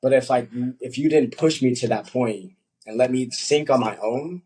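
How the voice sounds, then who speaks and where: A young man, a coach, chatting casually on a podcast, telling animated stories and acting out what people said. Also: mid-range voice, moderate pace, a little hiss or hum, poor audio. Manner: animated storytelling, acts out quotes.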